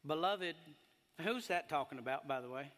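A man preaching a sermon as pastor, his voice climbing high and loud when he presses a point. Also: normal speed. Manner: animated preaching, voice rising high and loud on emphasis. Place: church hall. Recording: long hall reverb.

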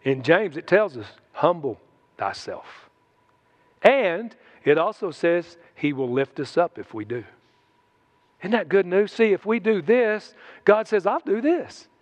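A man's voice: high-pitched, very animated, measured pace, lo-fi sound. A man preaching a sermon in a folksy, conversational way, mixing in humor.

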